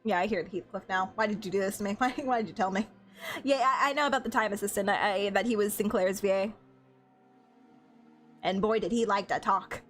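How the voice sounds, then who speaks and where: A young woman streaming a game, reacting with giggles and excitement and reading the game text aloud. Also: mid-range voice, brisk, soft background music.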